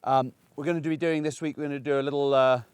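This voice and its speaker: A man's voice: mid-range voice, fairly even intonation, fast talker, clean tone, no echo. A man, a dog trainer, chatting and explaining as he demonstrates puppy training outdoors, with frequent restarts. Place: outdoors in a paddock.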